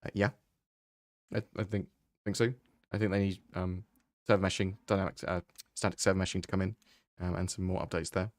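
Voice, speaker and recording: Low-voiced man, relaxed streamer Q&A. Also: brisk, pauses often, no room sound, clean studio sound. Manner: relaxed, conversational, thinks aloud while answering. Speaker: streamer answering viewer questions. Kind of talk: casual live-stream Q&A.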